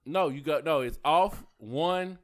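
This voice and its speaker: A man co-hosting a podcast, telling stories loudly with lots of laughs in casual banter. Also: on the high side, takes it slowly. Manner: loud, laughing, jokey storytelling. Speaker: podcast co-host. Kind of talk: casual chat.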